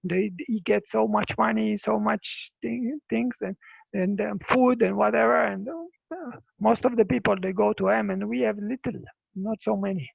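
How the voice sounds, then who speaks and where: Man voicing envious plotting leaders in a told story; raspy, dry. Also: high voice, normal speed, dry recording, exaggerated voice. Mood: complaining. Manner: complaining, plotting. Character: worried jealous male religious leaders. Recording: dull lo-fi video call audio.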